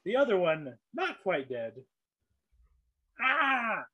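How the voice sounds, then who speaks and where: Guy dming a tabletop game, kinda higher voice, chill and laughing. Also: expressive, normal speed, a bit bright. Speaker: dungeon master.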